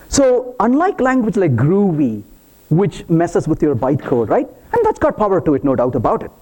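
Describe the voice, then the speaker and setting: A man's voice: on the high side, darkish tone. A man giving a live technical conference talk, playful and teasing with the audience as he walks through code. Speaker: conference speaker. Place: conference hall.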